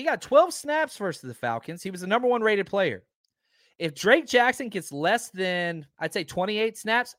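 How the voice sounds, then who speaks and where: A man hosting a sports talk show, talking casually and excitedly, stressing his points by repeating them. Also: high voice, normal speed, dry recording, studio quality. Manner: excitable, emphatic, keeps repeating himself.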